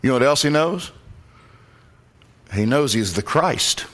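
A man preaching a sermon, praying and reading scripture, rising to loud impassioned calls. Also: medium pitch, lively intonation, a little slow. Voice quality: glasses-wearing reader of scripture. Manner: rises to loud impassioned calls when quoting.

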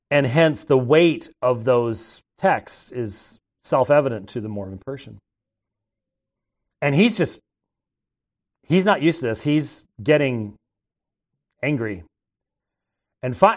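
Middle-aged man telling rambling stories. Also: mid-range voice. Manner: rambling and conversational, with frequent restarts. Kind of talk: casual anecdotal storytelling.

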